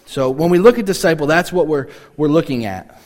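A man delivers a sermon in an easy, conversational way, his voice sitting a little higher than most men's. He often drops into brief imitations of puzzled or grumbling listeners before returning to his teaching. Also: expressive, a little mellow. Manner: conversational, acts out listeners' reactions in quick asides. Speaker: pastor.

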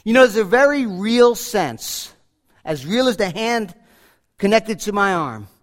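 Male preacher, higher voice, animated delivery that swings between loud and hushed. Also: measured pace. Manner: asks the congregation direct questions. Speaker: pastor. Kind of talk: sermon.

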